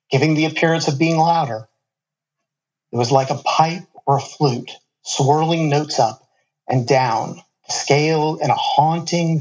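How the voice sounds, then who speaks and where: A man's voice: a little high, rough recording. A man reading a story aloud, now and then stopping for casual asides to the listener. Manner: casual asides between passages.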